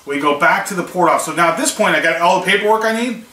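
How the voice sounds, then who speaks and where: In a room with noticeable echo and faint hiss, picked up by a mic at some distance, a small online seller and vlogger tells a story casually. He acts out both sides of the conversations in a high, sharp voice delivered rapid-fire.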